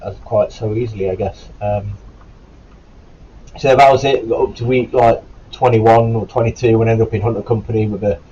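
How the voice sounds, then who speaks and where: Low, mellow-voiced man with a sore throat. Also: highs cut off, a little hiss or hum. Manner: rambling, self-correcting, informal and sweary. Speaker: former Royal Marine recruit. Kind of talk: casual storytelling to camera.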